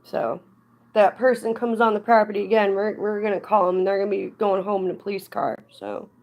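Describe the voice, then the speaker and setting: A woman's voice: medium pitch, brisk, dull audio. A woman chatting casually on a live stream, rambling and getting indignant at times. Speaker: livestreamer.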